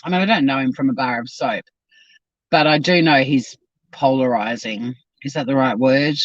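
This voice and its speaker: An Australian woman livestreams from her car, reacting to chat bluntly and swearing plenty as she drives. Her voice is low-pitched, and the recording sounds dull, dry and lo-fi.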